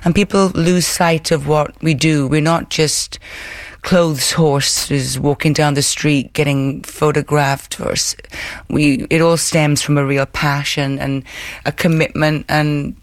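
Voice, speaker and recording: A woman answers interview questions in an earnest, emphatic way, repeating words for weight. Her voice is fairly low, and the recording is dry and close. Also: level tone, takes it slowly, no echo. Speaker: actress guest.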